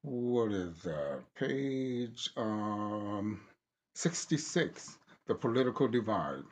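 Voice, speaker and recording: Man slowly reading his own book aloud. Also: on the low side, big pitch swings. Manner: deliberate, halting reading with restarts.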